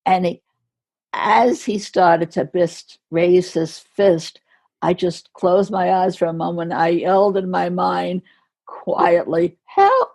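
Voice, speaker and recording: An older American woman telling a story slowly and with care, laughing softly between phrases, as a guest on a podcast. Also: on the low side, little pitch movement. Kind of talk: storytelling in conversation.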